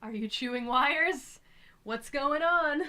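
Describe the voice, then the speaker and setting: A woman hosting a relaxed live stream from home, chatting casually, laughing often and cooing at her cat. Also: high voice, slow pace. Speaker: livestream host. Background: faint background music.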